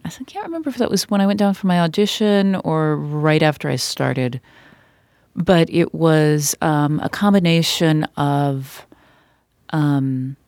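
A woman's voice: sits low, darkish tone, no echo, clean studio sound. A woman guest on a podcast, an author and puppeteer, chatting casually and telling stories with many fillers and restarts. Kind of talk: casual conversation.

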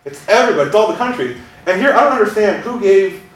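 A man's voice: high voice, expressive, quick pace. A man doing a wry comic monologue on stage, chuckling as he goes. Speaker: live storyteller. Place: stage before a live audience. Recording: echoey hall from far off, loud noise.

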